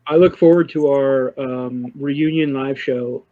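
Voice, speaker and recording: A man's voice: medium pitch, fairly even intonation, measured pace. A man in upbeat, teasing casual chat. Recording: dull lo-fi mic.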